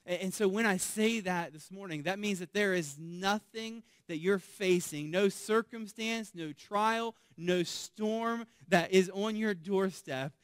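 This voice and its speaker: Male pastor, sermon delivery, emphatic swells and soft asides; voice a touch high, dry recording. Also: unhurried, hardly any pauses, clear, resonant tone, no room sound. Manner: emphatic preaching, rising loud on key phrases, dropping soft on asides.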